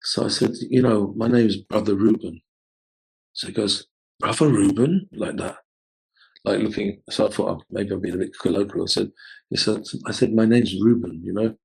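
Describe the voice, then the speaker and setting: A man's voice: fairly low pitch, steady tone, a little fast, vocal fry, a little mellow, breathy edge, poor audio. A man, a Hare Krishna book distributor from the UK, telling a story casually, rambling with many "you know"s.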